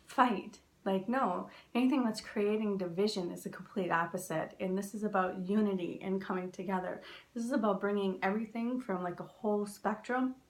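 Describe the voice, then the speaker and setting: A woman from the United States, a spiritual teacher, talking in a casual, chatty way with lots of fillers and animated storytelling. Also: mid-range voice, vocal fry.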